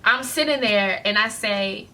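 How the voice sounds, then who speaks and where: A young woman vlogger telling an embarrassing story, animated and acting out the other people in it. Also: medium pitch, a little slow. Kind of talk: storytime vlog.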